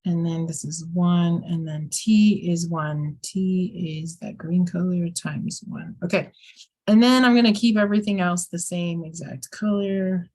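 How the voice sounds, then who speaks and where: A woman's voice: lowish voice, unhurried, a little mellow. A middle-aged woman teaching math in a recorded lesson, talking students through each step with playful asides.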